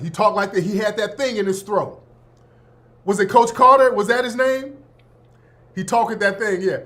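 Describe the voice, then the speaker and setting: Male host in his fifties, high voice, laid-back slangy storyteller who laughs a lot. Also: normal speed, fairly bright tone. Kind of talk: casual storytelling.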